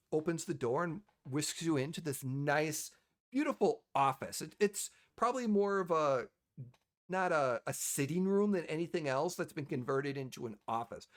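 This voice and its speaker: Rambling game master with lively pitch. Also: male voice. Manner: rambling, with many fillers. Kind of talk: narrating a tabletop game.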